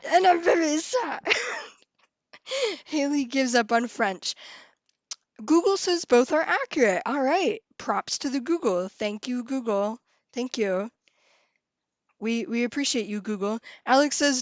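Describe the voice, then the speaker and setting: A woman's voice: sits high, lively intonation, measured pace, no echo. A woman hosting a live stream, chatting casually and giggling as she reads viewers' comments.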